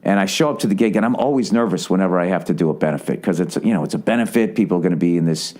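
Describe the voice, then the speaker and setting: A man's voice: deep voice, racing, a little mellow. A man in his forties hosting a solo podcast, telling a long, profane, self-deprecating story full of restarts and asides. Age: 40s. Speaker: podcast host.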